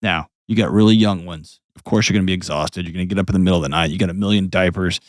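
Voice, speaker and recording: A man's voice: deep voice, steady tone, rapid-fire, no echo, clean studio sound. A man hosting an advice call-in show, talking bluntly and painting vivid scenes as he coaches a caller. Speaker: host.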